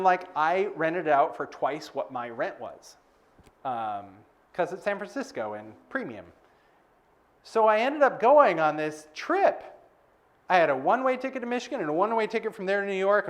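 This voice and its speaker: A man giving a live motivational talk as host, telling a personal story in a chatty way with frequent "like" and "right?". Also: high-pitched. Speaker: business coach speaker.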